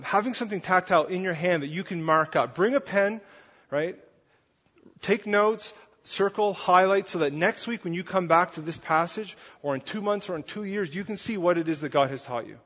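A man with a higher, slightly husky voice preaches a sermon in a church sanctuary. He keeps an earnest, conversational manner, checking in often with the congregation. The sound is muffled and carries a long, echoing hall reverb. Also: fairly bright tone. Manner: earnest, conversational preaching with frequent "right?" and "okay?". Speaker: pastor.

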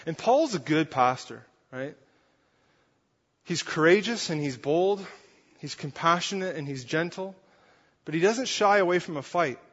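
A man's voice: sits high, a bit bright, breathy edge. Man preaching in a reverberant hall. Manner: earnest, conversational preaching with frequent "right?" and "okay?". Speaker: pastor. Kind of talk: sermon. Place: church sanctuary. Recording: muffled recording with long hall reverb.

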